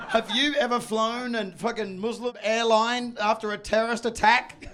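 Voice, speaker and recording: A man with an Australian accent performing a loud, profane stand-up comedy set. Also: very high-pitched, fairly even intonation, normal speed, crowd noise. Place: comedy venue under a pub.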